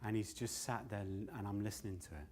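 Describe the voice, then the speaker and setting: A stand-up comedian telling a long rambling story at a live show, swearing freely and often laughing at himself. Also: male voice, lowish voice, fast, darkish tone, slight background noise.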